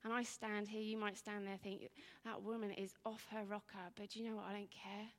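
A woman in her thirties giving an informal, rambling talk, telling stories with bursts of animation and hushed asides. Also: medium pitch, flat delivery, fairly quick, in a large hall. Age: 30s.

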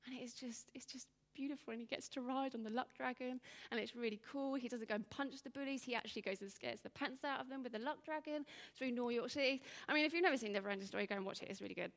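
A woman in her thirties giving an informal, rambling talk, telling stories with bursts of animation and hushed asides. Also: a little high, quick pace, hardly any pauses, big-room sound. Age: 30s.

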